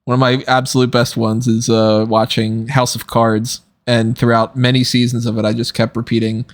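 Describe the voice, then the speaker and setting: A man's voice: medium pitch, level tone, brisk. A man hosting a podcast, talking in a rambling, casual way and laughing often, tired late at night. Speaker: podcast host. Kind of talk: casual commentary chat.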